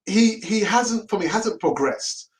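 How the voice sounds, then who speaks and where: Brief: middle-aged man, fan-channel host, loose and chatty, a little higher-pitched than most men, laughs easily. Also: lively intonation, measured pace, low-quality recording. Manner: chatty and laughing, often repeats himself. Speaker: host of a fan live stream. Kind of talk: casual live-stream chat.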